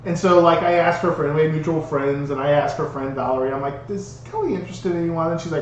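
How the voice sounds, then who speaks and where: High-voiced man telling a funny story. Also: fast talker, dull audio. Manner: animated, laughs through his own story. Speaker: podcast co-host. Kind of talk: casual storytelling chat. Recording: roomy, distant mic with background noise.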